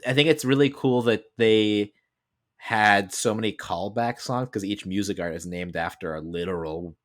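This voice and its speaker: A man's voice: fairly low pitch, normal speed. A man co-hosting a podcast in casual chat, rambling with lots of filler words as he reviews an anime. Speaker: podcast co-host.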